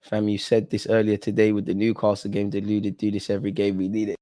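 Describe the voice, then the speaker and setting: A young man hosting a live football watch-along, swinging between low muttering and yelling at the referee. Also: monotone, fast. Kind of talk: live match reaction.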